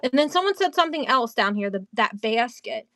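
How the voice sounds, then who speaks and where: A chatty, giggly woman runs a casual live sale, talking to her viewers as she handles each item. Her voice is high, and the sound is dry and close. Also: lively intonation, fairly quick, fairly bright tone, no echo. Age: adult, mother of a teen. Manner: giggly, chatty, laughs often. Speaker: live-stream seller. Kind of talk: casual live-selling chat.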